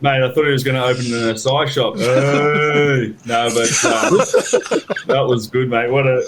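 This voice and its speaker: A man's voice: mid-range voice, flat delivery, a little fast, fairly bright tone. A man co-hosting a rugby podcast, teasing his mates and speaking in casual slang. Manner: teasing, joking, mate-heavy slang. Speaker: podcast co-host. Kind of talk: casual banter.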